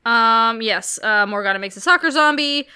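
A woman with a bright, crisp, slightly high voice chats her way through a film's plot as a podcast co-host. She rambles, swears casually and keeps the recap animated. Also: moderate pace. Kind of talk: casual movie recap chat.

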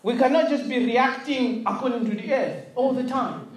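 A woman from Africa preaching a sermon, animated and laughing, often asking the congregation if they follow her. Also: on the high side, moderate pace, echoey room.

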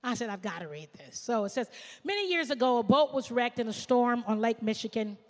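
A woman pastor preaching a sermon, swinging from shouts to hushed asides. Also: on the high side, lively intonation, a little fast, long reverb tail.

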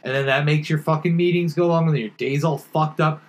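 A man's voice: a little high, fairly even intonation, rough recording. A man in casual podcast chat, ranting bluntly and with lots of swearing. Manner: blunt, swearing complaints in a quick ranting flow.

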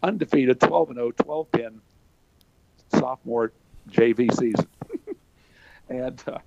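An older man from Pennsylvania, USA, a onetime wrestler, tells folksy, filler-laden stories as a guest in laid-back conversation. He talks slowly at a medium pitch, mellow with vocal fry, in a dry, lo-fi recording.

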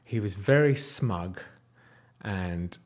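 A man in his thirties casually telling a personal story, animated, sometimes dropping to a whisper. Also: slow. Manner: animated, wide swings in pitch and loudness, drops to whispers.

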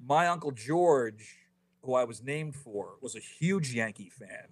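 A man in his fifties spins baseball stories as a guest on a podcast. His voice sits at an everyday middle pitch, and he talks in an animated way, restarting his phrases often. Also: breathy edge. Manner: animated storyteller, quick restarts, frequent "you know". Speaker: author guest. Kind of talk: casual podcast interview.

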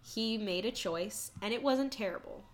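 A woman co-hosting a casual chat, animated and laughing, who acts out characters in quick asides. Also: on the high side, a loud crowd.

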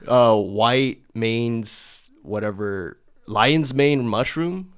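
A man co-hosting a casual talk video, chatty and loose, with lots of "like" and a flat delivery. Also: mid-range voice, drawn-out words, clean tone. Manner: loose and chatty, heavy use of "like"; calls his own delivery monotone. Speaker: video co-host. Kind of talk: casual chat.

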